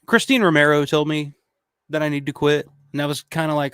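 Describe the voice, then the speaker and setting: Profane rambling man, slightly high voice. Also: steady tone, fairly quick, fairly bright tone, clear, resonant tone, dry recording, studio quality. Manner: rambling, profane, many restarts. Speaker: channel host. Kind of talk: casual livestream chat reading comments.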